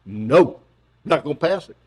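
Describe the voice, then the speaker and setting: A man's voice: a little high, a little slow, husky. A man putting on a mocking impression of an older male politician who curtly refuses everything, repeating his no. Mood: stubborn. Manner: flat, curt and repetitive. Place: auditorium.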